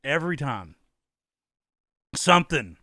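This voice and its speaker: A man's voice: on the high side, expressive, slow, bright, forceful tone, dry recording, clean studio sound. A man co-hosting a podcast, telling a story in casual chat, swearing a lot and laughing often. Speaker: podcast co-host.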